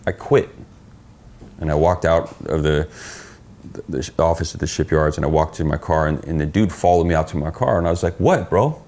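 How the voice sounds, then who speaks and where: A middle-aged man, a podcast guest, telling stories in casual chat, profane and animated as he acts out what people said. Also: rumbling low, fast. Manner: profane, animated storyteller acting out quoted dialogue.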